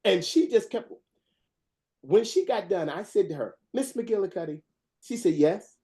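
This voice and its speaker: A webinar presenter telling a folksy, animated story and acting out the quotes. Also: mid-range voice, normal speed.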